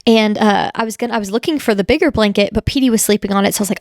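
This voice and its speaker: A woman's voice: mid-range voice, fast, few pauses, no echo, studio quality. A woman co-hosting a paranormal podcast, chatting casually and rambling through her own spooky anecdotes. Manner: chatty, rambling, animated retelling. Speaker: podcast co-host. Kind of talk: casual chat.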